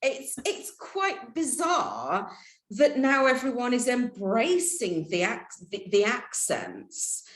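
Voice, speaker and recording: A woman's voice: a little high, huge pitch swings, slow pace, roomy sound. A woman from the United Kingdom hosting an interview, chatty, laughing often and quoting herself in asides. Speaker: interviewer host. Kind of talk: casual interview chat.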